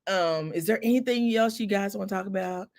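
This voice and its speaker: A middle-aged woman hosting a casual livestream chat, telling family stories in a warm chatty way, close to tears. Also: mid-range voice, fairly quick. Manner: chatty storytelling with laughs and Southern "y'all". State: near tears. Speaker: livestream host. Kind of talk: casual chat with live viewers.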